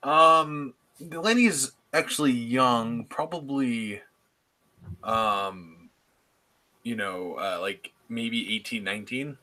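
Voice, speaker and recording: A man's voice: medium pitch, takes it slowly, pushed and bright. A man playing a tabletop roleplaying game, describing his character in a hesitant way with many fillers. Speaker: player. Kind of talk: casual tabletop play.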